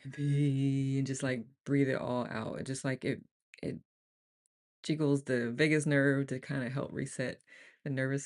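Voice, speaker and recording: A woman's voice: a bass voice, a little mellow. A woman leading a casual live online group session, chatty and rambling, laughing often as she talks to her group on camera. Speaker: meditation group leader. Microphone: on camera, computer mic.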